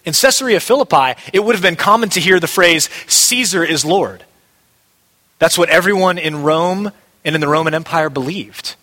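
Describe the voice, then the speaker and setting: A man's voice: a little high, moderate pace, bright, forceful tone. A male pastor preaching a sermon, emphatic and repeating key phrases for weight. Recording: long hall reverb.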